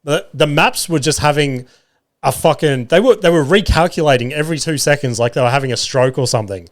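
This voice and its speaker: A man's voice: a little high, brisk. Swearing Australian man telling stories. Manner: swearing, laughing, acting out family voices. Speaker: podcast host. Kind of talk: casual storytelling monologue.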